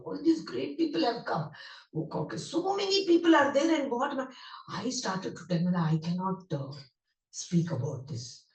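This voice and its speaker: A woman's voice: medium pitch, a little mellow. A woman, a guest speaker animatedly telling emotional memories in a devotional talk. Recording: roomy hall, distant mic.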